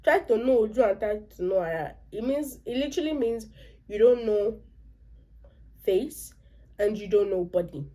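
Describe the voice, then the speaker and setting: A woman's voice: mid-range voice, expressive, normal speed, mellow. A young Nigerian woman recapping a series episode in a chatty, opinionated way, with asides in Pidgin and Yoruba. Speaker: vlogger. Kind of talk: casual reaction recap.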